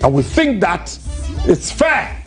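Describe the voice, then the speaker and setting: A man's voice: high voice, big pitch swings, slow pace, soft background music. A Ghanaian man hosting a morning show, delivering impassioned commentary with emphatic, preacher-like repetition.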